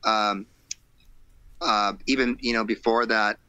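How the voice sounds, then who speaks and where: A man, a rock singer guesting on an interview show, telling stories in a casual, animated way and acting out old conversations. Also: fairly low pitch, slow pace, clean tone, dry recording. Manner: animated storyteller acting out quotes, laughing, swearing.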